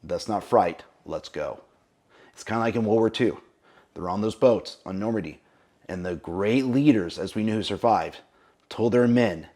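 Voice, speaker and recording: A man's voice: fairly low pitch, normal speed, darkish tone. A man coaching other men in a motivational talk, emphatic and repeating rallying phrases. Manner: emphatic, repetitive rallying cries. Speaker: relationship coach.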